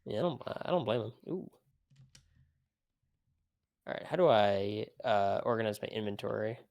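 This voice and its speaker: A man's voice: on the low side, expressive, moderate pace, creaky, darkish tone. A young man chatting casually in a gaming session, laid-back and laughing. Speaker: guest streamer. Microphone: headphones.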